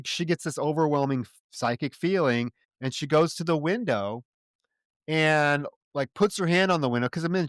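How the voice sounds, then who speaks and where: A man talks through a movie's plot on a podcast, his voice sitting a little high and recorded close and dry. He throws in sarcastic, profane jabs and briefly voices the characters as he goes. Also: no room sound. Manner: acts out characters' lines in quotes. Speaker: podcast co-host. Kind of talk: casual film-review podcast chat.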